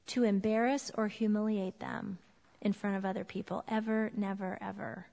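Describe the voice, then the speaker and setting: A woman's voice: medium pitch, fairly even intonation, moderate pace, gravelly, dark tone. A middle-aged woman giving an informal, earnest teaching talk to a group of parents, chatty and emphatic, with repeated words for stress. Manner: conversational, earnest, emphatic repetitions. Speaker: parenting class speaker. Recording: long reverb of a hall.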